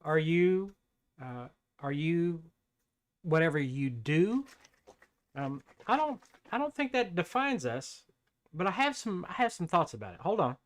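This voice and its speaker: An older man giving a casual devotional talk, relaxed and conversational, often restarting his sentences. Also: on the high side, measured pace. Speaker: Christian devotional speaker.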